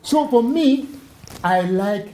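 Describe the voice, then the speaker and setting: A man's voice: very high-pitched, lively intonation, slow pace, mellow, rough recording. A man from Cameroon, a priest and author talking as a guest on a talk show, telling stories with animation and repeating words as he starts each thought.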